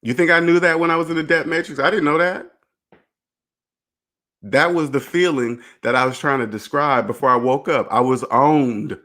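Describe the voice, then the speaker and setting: A man's voice: a little high, normal speed, pushed and bright. A man lectures his viewers in a casual monologue, hammering his points home with rhetorical questions. His delivery is blunt and emphatic, with casual swearing and short laughs. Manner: blunt and profane, with brief laughs. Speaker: personal finance channel host. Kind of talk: casual direct-to-camera monologue.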